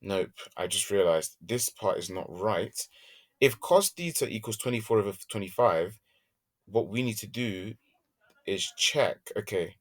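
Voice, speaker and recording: Slow low-voiced man talking through maths. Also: expressive. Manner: thinks aloud while working, hums to himself while drawing. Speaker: maths teacher. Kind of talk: worked-example maths lesson.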